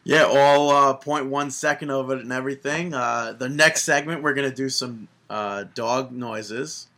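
Bright-voiced joking male co-host. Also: medium pitch, a little slow. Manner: joking, bantering. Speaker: podcast co-host. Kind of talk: casual chat.

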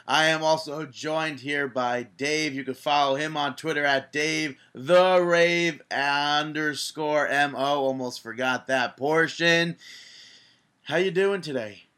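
A man hosting a podcast in casual chat, joking and teasing his co-host with quick banter. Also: on the high side, pushed and bright, clear, resonant tone.

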